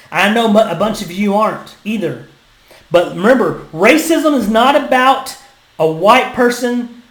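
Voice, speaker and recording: A vlogger, delivering an impassioned, emphatic opinion rant that swings between loud and hushed. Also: medium pitch. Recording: echoey room.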